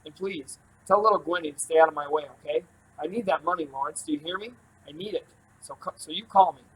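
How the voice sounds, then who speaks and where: A man voicing a pushy older uncle who rants loudly into an answering machine. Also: fairly high pitch, fast talker, slight background noise, lightly acted, low-quality recording. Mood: pleading. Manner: loud, angry, demanding.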